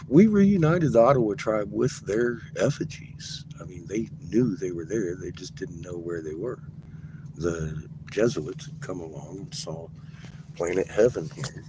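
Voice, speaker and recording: A man rambling excitedly in a casual vlog, swearing often and laughing as he talks. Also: lowish voice. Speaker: vlogger. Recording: noisy, with vehicle ambience.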